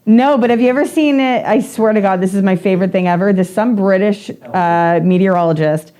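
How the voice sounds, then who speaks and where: Amused woman with a mellow voice. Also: mid-range voice, a little fast. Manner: wry, amused storytelling. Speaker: podcast co-host. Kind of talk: casual chat.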